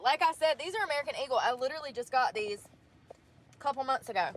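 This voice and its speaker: A woman's voice: high-pitched, expressive, quick pace, fairly bright tone, no echo. A woman vlogging casually, talking bluntly and swearing freely as she vents about her day. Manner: blunt and profane, venting. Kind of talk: casual vlog chat.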